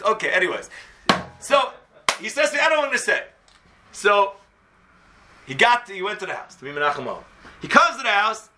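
A man giving an animated storytelling talk to his students, conversational and peppered with Hebrew and Yiddish terms. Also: high-pitched.

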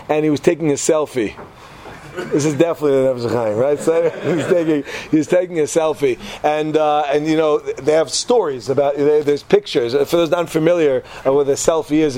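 A man giving an informal religious talk, an animated and chatty storyteller who drops joking asides between his points. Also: fairly high pitch, slight background noise. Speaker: Torah teacher.

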